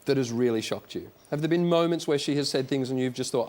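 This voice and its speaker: A man's voice: mid-range voice, fast talker, a little mellow. A male talk show host asking guests questions in an upbeat, playful way. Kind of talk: interview questions. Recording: noisy studio with audience. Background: studio audience.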